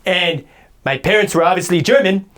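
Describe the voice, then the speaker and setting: A man's voice: high voice, normal speed, a bit bright. A man playing a boastful, self-pitying guy who rambles indignant complaints in an improvised comedy sketch.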